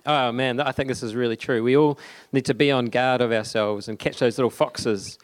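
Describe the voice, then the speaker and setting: Young guy preaching, chatty and halting, lots of ums, average pitch. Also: steady tone. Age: young adult. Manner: conversational, halting with fillers. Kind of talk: sermon.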